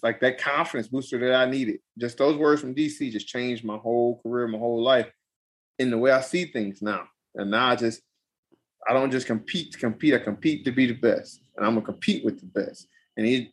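A young adult man, a pro fighter, telling a story in a casual interview, animated and emphatic, repeating phrases for effect. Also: mid-range voice.

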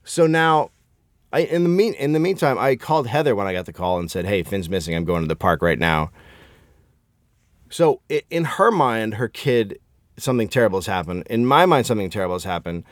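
A fairly quick, lowish-voiced middle-aged podcast co-host tells a casual story in clean studio sound with no room tone. He's profane and animated, acting out every quote.

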